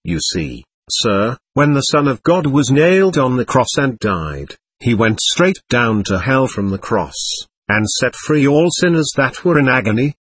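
A man voicing a simple, pious peasant coachman who speaks slowly and deferentially. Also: mid-range voice, sing-song, breathy edge, no echo, full character voice. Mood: earnest. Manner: slow, deferential, gentle. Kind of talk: audiobook character voice.

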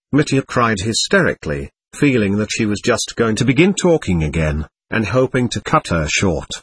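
Male audiobook narrator, husky voice, expressive pitch, dry close sound. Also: normal speed, few pauses, no echo. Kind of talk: audiobook narration of a classic novel.

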